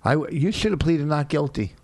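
A man's voice: fairly high pitch, lively intonation, fairly quick, a little mellow, no room sound. A man arguing defensively in a casual quarrel, insisting on his side and cutting in. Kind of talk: heated casual argument.

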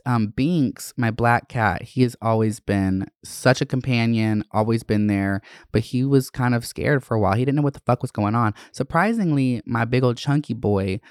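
Woman in her twenties, podcast host; candid, profane, open-hearted casual chat; smooth, dry delivery. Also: rumbling low, no room sound. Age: 20s.

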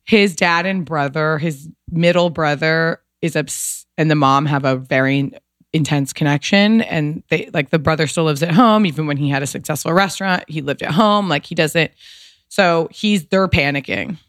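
A woman's voice: sits low, normal speed, no echo, clean studio sound. A woman guest telling a personal story in a casual, emotional way, rambling with lots of fillers and restarts.

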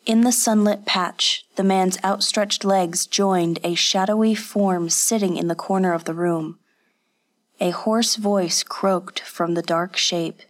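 A woman reading a story aloud in steady, measured narration. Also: on the low side. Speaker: audiobook narrator. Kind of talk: scripted narration.

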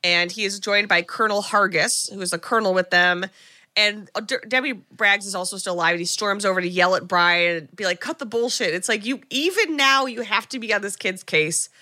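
A woman co-hosting a podcast, casually recapping a movie plot and swearing freely as she acts out quick lines. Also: mid-range voice, pushed and bright, dry recording, studio quality. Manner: retells scenes with quick quoted voices, swearing. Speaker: podcast co-host.

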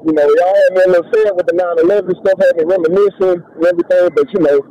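A man's voice: sits high, steady tone, fast talker, dull audio, a little hiss or hum. A young man calling in to a radio show, friendly and talkative. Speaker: caller. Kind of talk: casual call-in chat.

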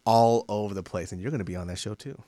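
A man's voice: on the low side, no echo, studio quality. A man co-hosting a podcast, telling stories in a casual chat and often checking in with "right?". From small town. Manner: fast, animated storytelling with rhetorical "right?". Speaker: podcast co-host.

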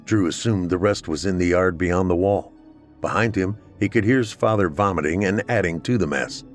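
A man narrating a scripted horror story in a steady, measured way. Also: low-pitched, faint music behind.

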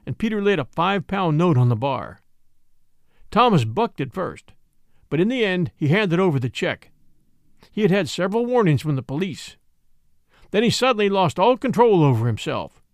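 A man reading a classic short story aloud in an expressive storytelling manner. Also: high-pitched, moderate pace, long pauses, no echo, clean studio sound. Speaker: narrator.

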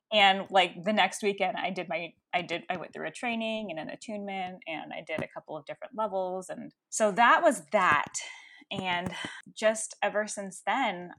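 A woman in her thirties, a coach and Reiki healer, telling a personal story in an animated, frank way with laughs. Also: fairly low pitch. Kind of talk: storytelling interview.

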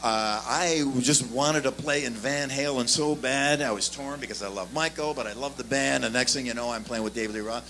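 A man's voice: medium pitch, moderate pace, few pauses. A man telling a story in a casual chat, acting out the voices of the people in it. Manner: animated storyteller, acts out voices. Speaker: bassist telling stories.

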